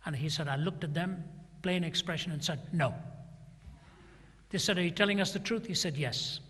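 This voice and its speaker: A man's voice: on the high side, moderate pace, long pauses, bright, forceful tone, breathy edge. A middle-aged man preaching a sermon, retelling a story and acting out both sides of a conversation. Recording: long hall reverb.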